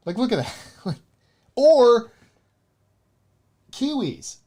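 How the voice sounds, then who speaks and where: A man's voice: very high-pitched, sing-song, extremely slow, warm tone. A man in casual chat, talking animatedly with lots of fillers and restarts. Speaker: role-playing game player.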